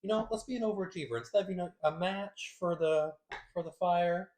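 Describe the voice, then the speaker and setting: A man's voice: high voice, fairly quick, a little mellow, roomy sound. A man co-hosting a reaction video, chatting casually, mostly agreeing in short replies. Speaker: co-host of a reaction channel.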